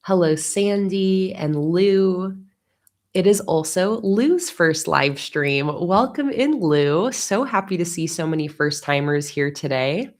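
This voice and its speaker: Woman host, low voice, upbeat chatty livestream greetings at her desk. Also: expressive, slow. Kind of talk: casual livestream chat.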